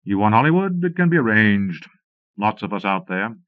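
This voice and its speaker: A man reading aloud, voicing a plump, genial middle-aged man who gently talks down to others. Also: lowish voice, sing-song, moderate pace, no echo. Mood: persuasive. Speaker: pastor. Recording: muffled phone-like cassette audio, dry.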